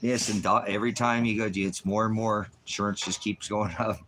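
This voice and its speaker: A deep-voiced American man talks casually on a livestream. His tone swings into soft, cooing baby talk now and then. A faint hiss of background noise sits behind him. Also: steady tone, a little fast. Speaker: online preacher.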